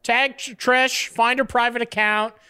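A man in his twenties from Southern California, co-hosting a comedy podcast with rambling, animated riffs full of fillers. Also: very high voice, a little slow, clean tone. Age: 20s. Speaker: podcast co-host. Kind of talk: casual comedic podcast banter.

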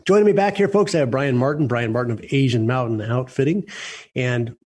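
A man's voice: mid-range voice, brisk, darkish tone, breathy edge. A man hosting a radio talk show, blunt and jokey in his opinions.

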